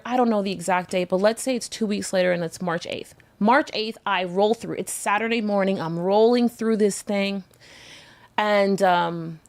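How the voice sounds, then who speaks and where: A woman hosting a live show, telling a personal story frankly and emotionally, talking straight to her viewers and swearing now and then. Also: fairly high pitch. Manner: candid, emotional, talks to viewers directly, swears. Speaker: host. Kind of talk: casual storytelling livestream.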